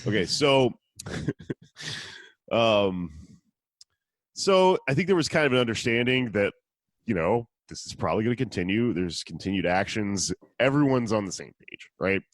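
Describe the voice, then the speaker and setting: Sardonic low-voiced man, host. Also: measured pace, long pauses, no echo, studio quality. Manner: profane, sardonic, lively storytelling. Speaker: podcast host. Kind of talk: casual storytelling chat.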